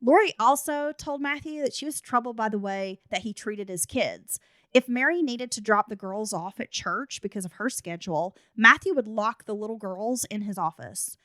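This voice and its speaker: A woman's voice: a little high, normal speed, a bit bright, no room sound, clean studio sound. A woman hosting a true crime podcast. She narrates the case details and breaks in with blunt, casual asides. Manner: reads case notes, then adds blunt asides. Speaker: podcast host.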